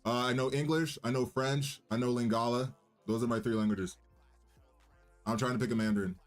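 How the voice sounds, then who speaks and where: A man's voice: mid-range voice, steady tone, fairly quick. Young male streamer, casual cocky banter, rambling, faint music behind. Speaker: livestream host and musician. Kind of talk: casual livestream chat.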